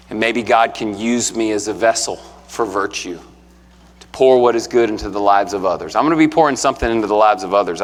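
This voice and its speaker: A man in his thirties preaching a sermon in a conversational, earnest way, rising to emphatic peaks. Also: lowish voice. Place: church sanctuary. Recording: long reverb of a church hall.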